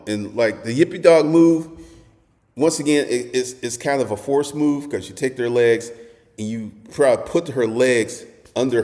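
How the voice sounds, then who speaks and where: A man gives dating advice in a blunt, profane monologue. His voice swings widely in pitch as he spins stories and sometimes bursts into shouting. The sound carries a long reverberant tail from the room. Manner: crude, animated storytelling, swings to shouting.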